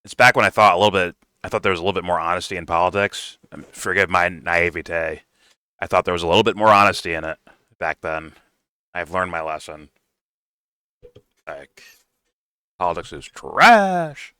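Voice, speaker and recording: A man's voice: low voice, expressive, normal speed, long pauses, pushed and bright, clear, resonant tone, dry recording, studio quality. A man doing casual reaction commentary, blunt and profane, rambling and restarting his sentences. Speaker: reaction streamer.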